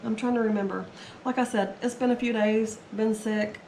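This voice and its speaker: A woman with a fairly high, warm voice and a steady tone talks at normal speed through her resale haul, chatty and rambling. She's a reseller vlogger getting over being sick, so her voice is a bit strained. Slight background noise and faint ambience sit in the echoey room.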